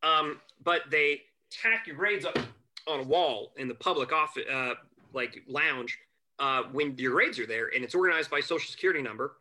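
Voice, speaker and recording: A man with a very bright, forward voice and a slightly high pitch for a man, telling stories in a relaxed chat. He acts out the people he quotes and chuckles as he goes. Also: normal speed. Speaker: podcast guest, family lawyer. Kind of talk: casual storytelling chat.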